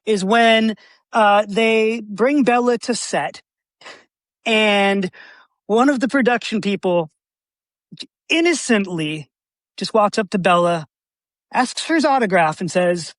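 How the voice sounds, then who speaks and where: A man co-hosting a casual movie podcast. He laughs often and acts out quoted lines in animated voices. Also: high-pitched, slow, pauses often, dry recording. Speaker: podcast co-host.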